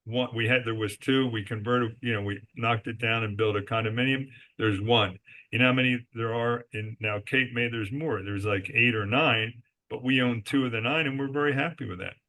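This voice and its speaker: A man's voice: medium pitch, steady tone, moderate pace, pushed and bright. A man as a guest in a podcast interview, telling business stories emphatically and answering his own rhetorical questions. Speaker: guest, resort company executive.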